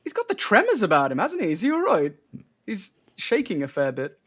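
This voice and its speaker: A man co-hosting a film watch party, joking and laughing through quick banter. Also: sits high, wildly swooping pitch. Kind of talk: casual film commentary.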